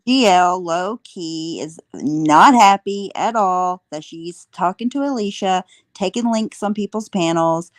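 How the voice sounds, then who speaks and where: Woman co-host, gossipy, low voice, dry sound. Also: a little slow, few pauses, no room sound. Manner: gossipy, reads chat aloud, swears. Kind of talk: casual live-stream chat.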